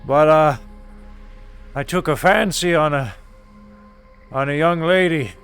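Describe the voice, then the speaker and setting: A man's voice: fairly high pitch, takes it slowly, a bit bright, clear, resonant tone, faint music behind. A man playing a chatty role-play craftsman with a put-on British accent, musing in a meandering, hesitant way full of fillers. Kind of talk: live-streamed role-play.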